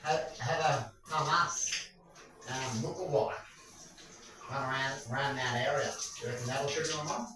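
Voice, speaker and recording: A man's voice: mid-range voice, fairly even intonation, moderate pace, background noise. A man ranting in a rambling monologue, crude and full of rhetorical questions. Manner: crude, rambling, keeps asking "right?". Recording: echoey room, far from mic.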